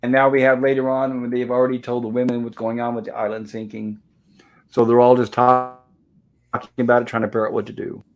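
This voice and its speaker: A man with a mid-range voice hosts a relaxed recap, walking through an old episode scene by scene. He reads the characters' lines aloud in a plain, conversational way, with no put-on voices. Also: medium pitch, fast talker, highs cut off. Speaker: show host. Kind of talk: casual episode recap chat.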